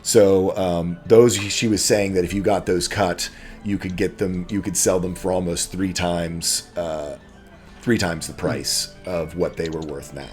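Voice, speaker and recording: A man running a tabletop game who describes things in loose, rambling phrases with lots of filler. His voice sits very low. Soft music plays faintly behind him. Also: fairly even intonation, a little slow. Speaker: game master.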